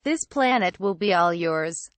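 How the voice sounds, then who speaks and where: A woman's voice: fairly low pitch, lively intonation, measured pace, no room sound. A woman voicing a fearful male alien servant pleading with his master in a horror story reading. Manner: pleading, stammering.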